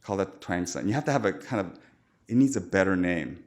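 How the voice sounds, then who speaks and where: A man's voice: low voice, expressive, brisk. Chatty man giving a surgical lecture. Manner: informal, chatty, jokey with quoted asides. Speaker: surgeon lecturer. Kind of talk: conference lecture. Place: lecture hall.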